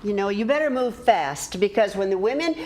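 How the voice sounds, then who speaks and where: A woman's voice: mid-range voice, lively intonation, fairly quick, a little mellow, lightly acted. An older woman acting a sarcastic friend with dry, teasing humor in a TV drama.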